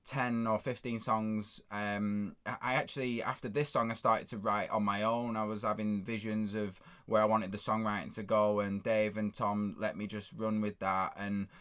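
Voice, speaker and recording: Guy in his 30s, lowish voice, rambly and halting, lots of ums. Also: flat delivery, a bit bright, clean tone. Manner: rambling, halting, many fillers. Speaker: songwriter and co-lead singer. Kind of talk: casual reflective chat.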